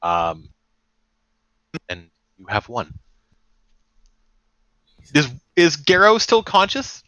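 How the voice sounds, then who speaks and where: Man, game master, casual and profane, very bright tone, dry close mic. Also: a little high, wildly swooping pitch, very slow, no echo, low-quality recording. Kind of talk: narrating a tabletop game.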